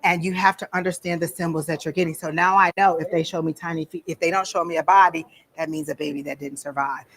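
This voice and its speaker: A woman teaching a small psychic-reading class talks quickly, with hardly any pauses, in a fairly low, slightly bright voice with fairly even intonation. Her style is chatty storytelling with many ums, caught on a rough recording.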